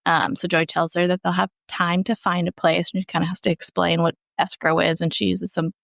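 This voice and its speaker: A woman's voice: lowish voice, brisk, creaky, no room sound, clean studio sound. A woman guest on a podcast, retelling episode scenes in a casual, chatty way. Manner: lively, chatty storytelling. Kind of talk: casual recap chat.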